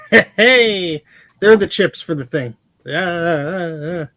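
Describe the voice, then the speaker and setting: An excitable man talks through a live computer repair, laughing often and poking fun at himself. His voice runs high for a man. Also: slow pace. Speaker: guest repairing vintage computers. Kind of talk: casual livestream chat while repairing.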